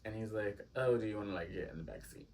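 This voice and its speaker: A young man telling a casual, gossipy story time, full of "like" fillers and animated quoted exchanges. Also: on the low side, quick pace, far from the mic, slight background noise.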